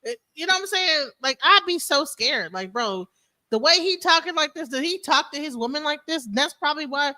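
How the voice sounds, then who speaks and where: High, bright woman in slangy chat. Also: brisk. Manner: animated, slangy, exclamatory. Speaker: co-host. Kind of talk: casual chat.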